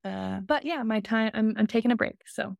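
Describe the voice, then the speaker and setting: A woman's voice: on the high side, normal speed, creaky, dry recording. A young woman co-hosting a food podcast, talking in a casual, chatty way, full of little fillers. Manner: chatty, filler-heavy, warm and emotional in farewell. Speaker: podcast co-host. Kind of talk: casual chat.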